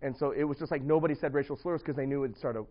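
A man's voice: medium pitch, fairly even intonation, rapid-fire, lo-fi sound. A young man casually telling a long personal story to a small group, rambling with many restarts and often breaking into laughter. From grew up partly in the US Midwest.

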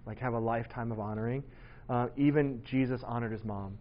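A man in his forties giving a casual, lively sermon to teenagers. He tells stories about his children, acts out their voices and laughs often. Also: mid-range voice, a little fast, muffled recording. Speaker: youth pastor.

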